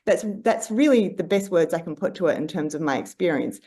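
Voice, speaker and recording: An Australian woman, appearing as a podcast guest, talks reflectively and keeps searching for words, with lots of fillers and restarts. Her voice sits on the low side, warm and animated, and she speaks a little fast.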